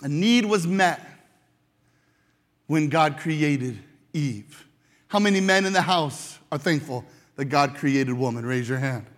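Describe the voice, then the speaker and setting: A high-pitched man delivering a lively church sermon, often repeating words and restarting phrases as he drives his point home. His voice rings out through a large sanctuary with a long, trailing reverb. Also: slow. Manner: animated, repeats words, acts out quoted shouts. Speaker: pastor.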